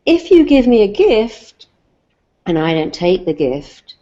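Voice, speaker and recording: A woman's voice: mid-range voice, big pitch swings, takes it slowly, mellow, lo-fi sound. A British woman quoting a serene holy man.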